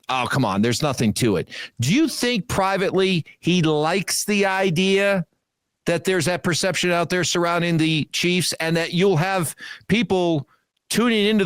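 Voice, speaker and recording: A man co-hosting a casual sports podcast, setting up topics and questions in a measured way. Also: high voice, fairly bright tone, clear, resonant tone, dry recording. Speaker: podcast co-host.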